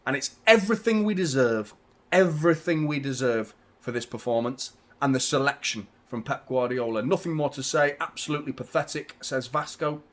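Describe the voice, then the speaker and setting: Ranting fired-up football fan host. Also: male voice, medium pitch, normal speed. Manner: ranting, swearing, frustrated, shouting when excited. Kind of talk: live match watchalong commentary.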